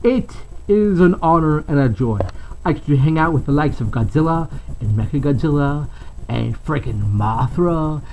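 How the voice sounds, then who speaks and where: A man's voice: a little high, expressive, moderate pace, a little mellow, a little hiss or hum. A man voicing a tiny, chatty male dinosaur monster who rambles earnestly about his past. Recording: slightly muffled home recording.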